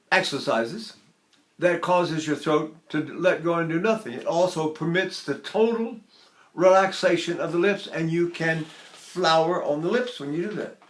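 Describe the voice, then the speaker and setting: An older man with a slightly high voice gives a singing lesson in an echoey room, explaining technique and breaking into short sung exercises as demonstrations.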